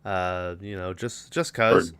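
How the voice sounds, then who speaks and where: A man's voice: deep voice, steady tone, takes it slowly, fairly bright tone, smooth. A man on a podcast casually retelling a movie's plot and acting out the characters' lines in a rambling way. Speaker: podcast co-host.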